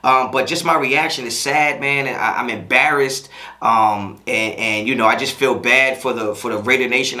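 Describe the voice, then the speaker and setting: Bright-voiced man ranting about his team. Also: medium pitch. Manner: frustrated, repetitive ranting with slang. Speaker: sports fan channel host. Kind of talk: casual reaction vlog.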